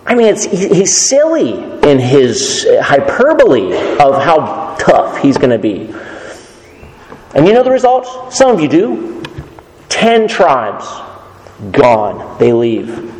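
A man's voice: on the high side, huge pitch swings, takes it slowly, darkish tone, a little hiss or hum. A male pastor giving a sermon in a conversational, emphatic way. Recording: echoey hall reverb.

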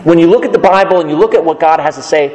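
A man's voice: a little high, racing, darkish tone, lo-fi sound. A male pastor giving a sermon in a conversational, emphatic way. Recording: echoey hall reverb.

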